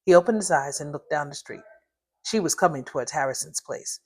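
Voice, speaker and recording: A woman's voice: low-pitched, lively intonation, fairly quick, a little mellow, husky. Woman reading her own story aloud. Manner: chatty, laughs at her own typos and stumbles. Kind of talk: reading aloud with casual asides. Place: living room at home.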